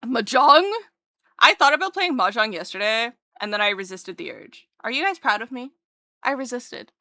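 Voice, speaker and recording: A young adult woman livestreamer chatting casually with her viewers, bubbly and excitable, with jokey self-mocking asides and a voice that leaps up when she greets people. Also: a little high, normal speed, no room sound, clean studio sound. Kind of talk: casual chat with live viewers.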